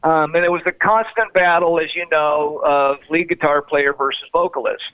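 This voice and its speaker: Over a tinny phone line with no echo, a man who used to be a tour manager tells road stories as an interview guest, performing quoted dialogue with animation. He speaks at a normal speed, his voice on the high side and his intonation fairly even.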